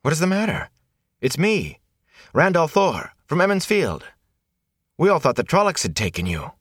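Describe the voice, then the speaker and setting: A man voices an earnest young village man who speaks in a pleading, soothing way, pitched above the performer's own voice. The delivery is fairly high and sing-song at normal speed, recorded as clean studio sound with no echo.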